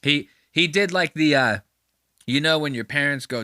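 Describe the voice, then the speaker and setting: Man, podcast host, profane and animated, slightly high voice, bright tone. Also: normal speed, clean tone, no echo, studio quality. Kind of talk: casual commentary on a clip.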